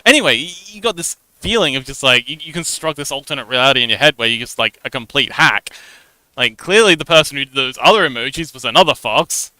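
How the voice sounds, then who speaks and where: A man's voice: mid-range voice, animated, fast, pushed and bright, no room sound. A man livestreaming as an artist, chatting casually while he draws, rambling and self-deprecating, laughing often and muttering to himself as he works.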